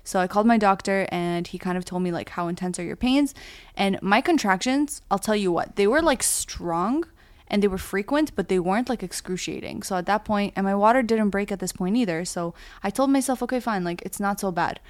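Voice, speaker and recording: A woman's voice: medium pitch, fairly quick, no echo, studio quality. A young woman vlogger and new mother, telling a story in casual chat, laughing often. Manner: chatty, laughs often, many "like"s.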